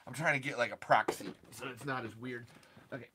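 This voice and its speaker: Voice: medium pitch, steady tone, a little fast, sharp tone, slight background noise. A young adult streamer chatting casually and rambling through restarts, answering chat and jumping into impressions. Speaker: livestream host.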